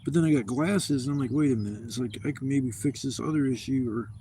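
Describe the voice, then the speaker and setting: A man's voice: mid-range voice, fast talker, warm tone, a little hiss or hum. A man in his fifties telling rambling, profane stories in a casual vlog from a campsite. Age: 50s. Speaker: camping vlogger. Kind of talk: casual storytelling to camera. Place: outdoors at a campsite.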